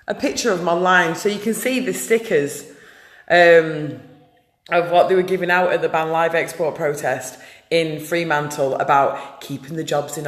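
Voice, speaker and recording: A woman ranting in a casual vlog, loud, blunt and indignant. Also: on the low side. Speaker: vlogger, animal rights activist. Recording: echoey room with long reverb.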